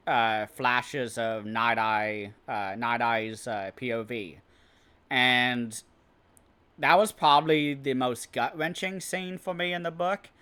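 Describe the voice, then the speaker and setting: A man talks through a book review in a loose, unscripted way. He hesitates often and restarts his sentences as he searches for words. His voice is bright and forward, sitting at an ordinary pitch. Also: clean tone. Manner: hesitant, rambling, many restarts and "I don't know". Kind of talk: casual spoken book review.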